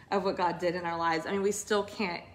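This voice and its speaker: A woman's voice: lowish voice, moderate pace. A woman in her thirties telling a personal faith testimony in casual, earnest, emotional storytelling. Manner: emotional, earnest, animated retelling. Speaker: co-host sharing a testimony.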